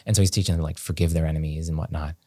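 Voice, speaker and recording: A man with a very low voice tells a story as a podcast guest, talking very fast, casually, and animatedly. He leans heavily on "like" and "um," and the recording is dry and close, with no room echo.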